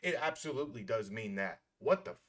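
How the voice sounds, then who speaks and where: A man's voice: fairly low pitch, lively intonation, fast talker, fairly bright tone. Blunt, scornful man ranting. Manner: blunt, scornful, swears freely. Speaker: reaction commentator. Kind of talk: heated reaction commentary.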